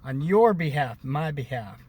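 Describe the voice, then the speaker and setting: A man's voice: fairly high pitch, very animated, unhurried, darkish tone, slightly rough. A man from the United States giving a ranting, repetitive opinion monologue to his viewers, calling them brothers and sisters. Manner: ranting, preachy, repeats himself. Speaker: video blogger. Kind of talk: casual opinion monologue to camera.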